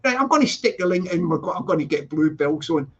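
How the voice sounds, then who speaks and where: A man chatting casually on a live stream from his flat, repeating phrases and laughing a lot as he greets viewers. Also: on the high side, quick pace, husky, dull audio. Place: flat with balcony door open.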